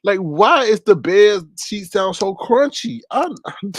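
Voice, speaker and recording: A man hosting a casual live-stream commentary, animated and laughing, with exaggerated high-pitched repeats of words. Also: takes it slowly, no room sound. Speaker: commentary channel host.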